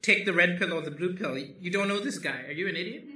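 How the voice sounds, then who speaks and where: Distant echoey high-voiced male panelist. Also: quick pace, sharp tone. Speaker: comedy panelist. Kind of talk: comedy panel show.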